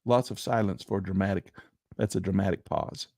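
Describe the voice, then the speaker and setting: A man's voice: low voice, fairly even intonation, moderate pace, vocal fry, darkish tone, dry recording, clean studio sound. A man teaching chart trading on a screen share, talking emphatically with rhetorical asides. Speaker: trading instructor.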